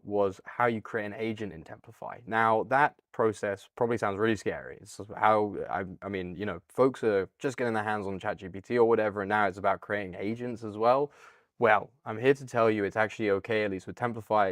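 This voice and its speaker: A man with a British accent hosting a casual, upbeat software walkthrough, chatty with a few fillers. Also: lowish voice, dry recording, clean studio sound. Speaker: product demo host.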